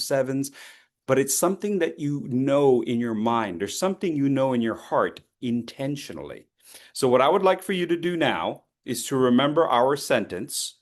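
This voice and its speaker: This medium-pitched man is coaching an online public speaking workshop. To illustrate his points, he alternates between speaking loudly and softly.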